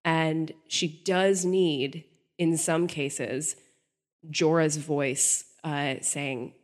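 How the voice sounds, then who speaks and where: Analytical woman podcast host, lower voice. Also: fairly even intonation, very slow. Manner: thoughtful, analytical, frequent restarts. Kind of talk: casual podcast discussion.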